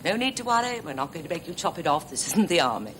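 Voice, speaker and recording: An actress playing a nursing tutor who lectures new students in a brisk, chatty way with small laughs. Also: female voice, on the low side, very animated, a little hiss or hum, rough recording. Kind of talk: scripted TV drama acting.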